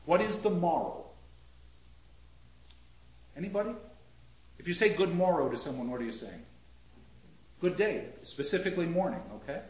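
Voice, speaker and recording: A man teaching a class on poetry, reading lines aloud slowly and rhythmically and putting questions to the students. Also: a little high, lively intonation, darkish tone. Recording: roomy, dull lo-fi classroom recording.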